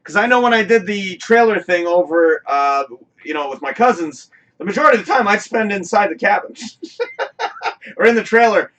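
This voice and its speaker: Man, talk show host, high bright voice, rambling, emotional, swearing, slightly off-mic. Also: animated, normal speed, distant mic, highs cut off. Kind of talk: casual chat.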